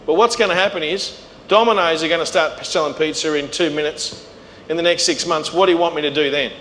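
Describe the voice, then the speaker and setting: A man's voice: a little high, a little fast. A middle-aged Australian man giving a storytelling business talk, acting out the voices of people he quotes. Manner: animated, acts out quoted voices. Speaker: keynote speaker. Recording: reverberant hall with faint noise.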